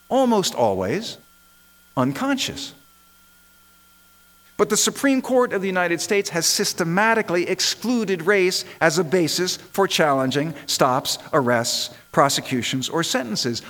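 A man's voice: a little high, fairly bright tone, rough recording. A man, a minister, delivering an impassioned sermon built on rhetorical repetition.

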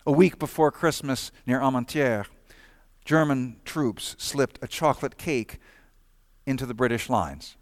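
A man giving measured, scripted narration of a historical documentary. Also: medium pitch, no room sound. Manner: measured, storytelling delivery.

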